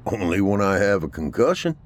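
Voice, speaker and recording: A proud, wisecracking country husband in a horror audio story, voiced by a man. He speaks low and unhurried. His jokes come out dry. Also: sing-song. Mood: wry. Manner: wry, slow, low.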